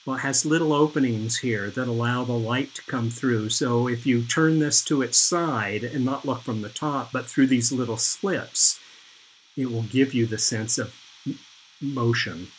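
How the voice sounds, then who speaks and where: A middle-aged man giving an art lecture, explaining slowly and pointing things out on images. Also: mid-range voice, slight background noise, poor audio. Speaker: art instructor. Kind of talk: recorded lecture over slides.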